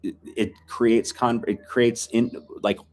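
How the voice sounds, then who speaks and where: A man teaching a filmed language lesson in a relaxed, chatty way, repeating phrases to drill them. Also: medium pitch, slow.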